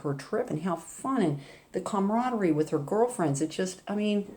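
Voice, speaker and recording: A woman's voice: medium pitch, lively intonation, moderate pace, darkish tone. An older woman vlogging, telling a rambling, chatty story in a casual way. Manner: rambling, chatty, with laughs and asides.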